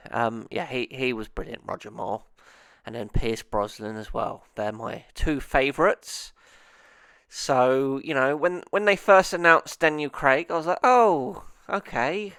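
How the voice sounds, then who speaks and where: A man with a bright, smooth, crisp voice hosts his own movie review show. He rambles on in a naive, self-interrupting comic monologue. The recording is dry and close. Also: mid-range voice, no echo.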